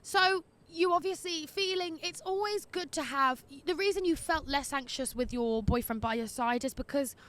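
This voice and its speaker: A woman's voice: high-pitched, normal speed, hardly any pauses. A woman in her twenties hosting an advice podcast, reading letters aloud in a cheeky, sassy way and laughing often, recorded outdoors in the wind. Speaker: podcast host giving advice. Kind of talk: casual agony-aunt chat reading letters. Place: outdoors in windy streets.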